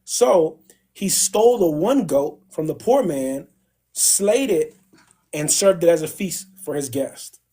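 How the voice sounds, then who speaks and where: A man hosting a casual livestream and retelling a story in animated slang, voicing the characters in quick bursts. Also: fairly high pitch, husky. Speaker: livestream host. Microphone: phone.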